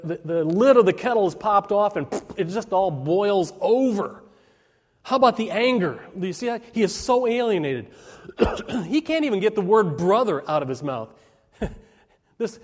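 Pastor, male, high voice, earnest sermon delivery, long hall reverb. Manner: earnest preaching with emphatic rises and slowed, dropping phrases.

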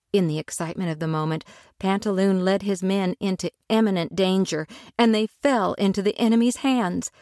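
A woman narrating a children's story aloud with expressive, dramatic delivery. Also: fairly low pitch, dry recording, studio quality. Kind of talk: storybook reading.

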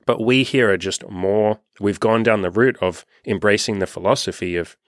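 A man's voice: on the low side, moderate pace, no room sound, studio quality. A young man coaching on dating in a loose, unscripted monologue, cursing freely and acting out what people say. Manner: loose and unscripted, swears freely, acts out quoted voices. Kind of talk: casual podcast monologue.

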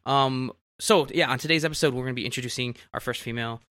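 A young adult man hosting a casual podcast, excitable and rambling, often laughing. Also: medium pitch, fast talker, dry recording, clean studio sound. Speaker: podcast host.

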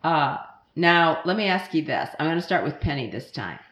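In a roomy, echoey space, a woman with a low, very animated voice and fairly bright tone speaks at normal speed into a studio microphone. She's interviewing kids casually, full of playful questions and laughter.

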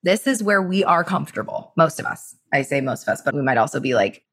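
A woman co-hosts a casual podcast as a nurse. Her voice sits a little low, and she talks in an animated way. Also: quick pace, slightly rough. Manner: animated, acts out quoted voices.

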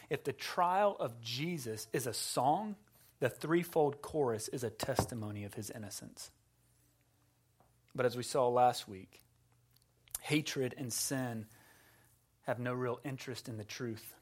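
A middle-aged man who is a pastor preaching a sermon, dramatic, swinging between loud emphasis and hushed, slow passages. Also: on the high side.

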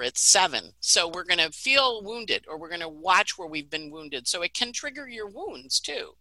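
Bright-voiced middle-aged lady astrologer, chatty and animated, dry close sound. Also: on the low side, no room sound, rough recording. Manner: animated, chatty, laughs at own stories. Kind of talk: casual astrology forecast chat.

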